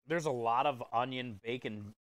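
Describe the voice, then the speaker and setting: A man with a smooth, resonant voice talks casually to his livestream chat as he preps food in a kitchen. He is easygoing and jokey, chuckling as he goes. The sound is dry and close, with no room echo. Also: medium pitch, moderate pace. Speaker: food truck chef and livestreamer.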